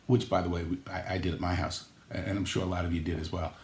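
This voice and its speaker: A man's voice: quick pace, few pauses, darkish tone. Jokey rambling man in an echoey room. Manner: jokey, rambling, acts out quotes with pitch jumps. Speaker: sports vlog host. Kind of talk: comedic vlog monologue.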